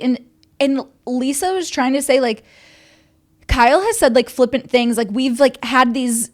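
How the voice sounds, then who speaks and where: A young woman with a high, bright-pitched voice chatting casually as a podcast co-host. She talks in an animated way, swears freely and slips into little impressions of the people she describes. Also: unhurried. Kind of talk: casual chat recapping reality TV.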